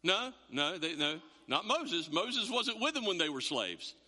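Male pastor, high lively voice, bright tone; sermon in a reverberant sanctuary. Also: unhurried. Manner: animated, repeats words, acts out quotes. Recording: long hall reverb.

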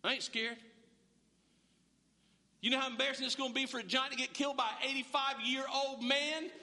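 A preacher acting out a fierce old warrior of 85. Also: male voice, very high-pitched, fairly even intonation, a little fast, bright, forceful tone, exaggerated voice. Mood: boastful. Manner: boastful, indignant. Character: defiant 85-year-old man, warrior, fierce. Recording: long hall reverb.

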